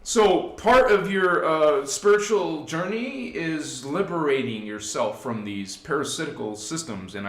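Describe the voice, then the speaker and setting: Emphatic man preaching in an echoey room. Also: mid-range voice. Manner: emphatic, swings from hushed to loud; preachy, addresses listeners directly. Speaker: spiritual channel host. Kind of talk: live-streamed spiritual talk.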